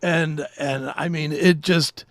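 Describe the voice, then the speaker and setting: A man co-hosting a podcast, telling a story in casual chat, animated and swearing freely. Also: on the high side, slow, dry recording. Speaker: podcast co-host.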